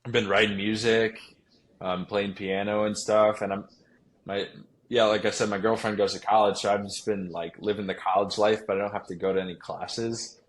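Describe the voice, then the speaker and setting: A young man talks loosely in a podcast interview, his voice sitting on the low side. He rambles, restarts sentences and leans on fillers as he thinks aloud. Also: little pitch movement, moderate pace. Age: young adult. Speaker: guest, pro baseball player. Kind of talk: casual interview chat.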